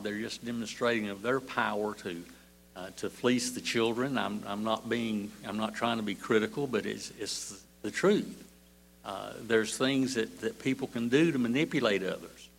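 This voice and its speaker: An older man preaching a sermon, slow and halting, with many fillers and repeated words. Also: on the low side, fairly even intonation, vocal fry, a bit bright, a little hiss or hum.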